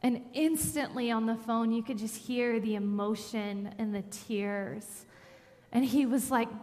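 A woman with a fairly high, dark-toned voice preaches unhurriedly in a church sanctuary. She tells a personal story earnestly, building toward emphatic scripture reading, and the recording carries a long hall reverb.

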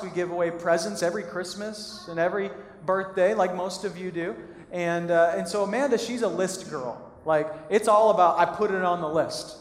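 A man in his thirties preaching a sermon as pastor, talking conversationally and acting out little scenes. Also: high-pitched. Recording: echoey hall with long reverb.

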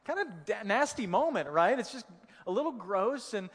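A man preaching a sermon, a pastor telling the story in a casual, humorous way with vivid detail. His voice sits high for a man. The sound rings with the long reverb of a big hall. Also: expressive, normal speed.

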